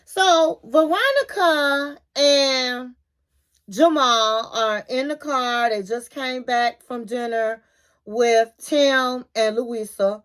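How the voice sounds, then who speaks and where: A woman's voice: high voice, slow pace. A woman with hosting a casual reality TV recap, animatedly retelling scenes and acting out what people said. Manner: animated retelling, acting out quotes, chatty asides.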